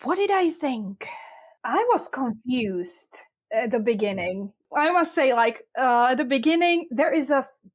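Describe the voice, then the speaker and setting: A woman with a high, light voice, chatting about books as a podcast co-host. She talks in loose, hesitant bursts full of "like" and quick laughs, warm and informal. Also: expressive. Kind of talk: casual book discussion.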